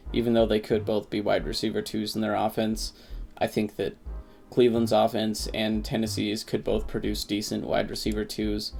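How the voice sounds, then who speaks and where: A man giving casual, excitable commentary on his fantasy football draft, who swears at picks. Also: fairly low pitch, creaky. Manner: says he slipped into a put-on accent.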